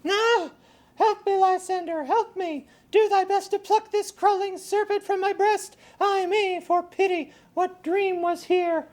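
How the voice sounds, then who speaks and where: A woman's voice: very high voice, steady tone, a little slow, darkish tone. A woman playing a modest young woman in love, prim and firm, in an amateur Shakespeare reading. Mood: frantic. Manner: prim, then frantic.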